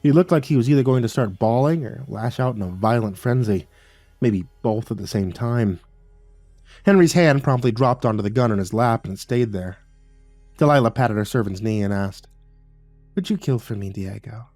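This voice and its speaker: Horror storyteller, male, mid-pitched, calm and measured, dry sound, faint music behind. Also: no room sound. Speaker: narrator. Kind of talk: scripted horror story narration.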